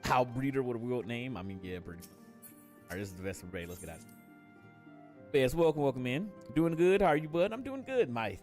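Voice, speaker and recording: A man streaming live while gaming, chatting casually with viewers in a relaxed way, swearing and laughing often, and nursing a headache. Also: medium pitch, fast, soft background music. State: has a headache.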